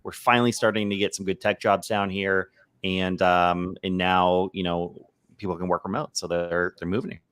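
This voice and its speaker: A man's voice: sits low, little pitch movement, normal speed, fairly bright tone, smooth, dry recording. A man who is a realtor, guest on a casual livestream, talking in an easygoing, upbeat way.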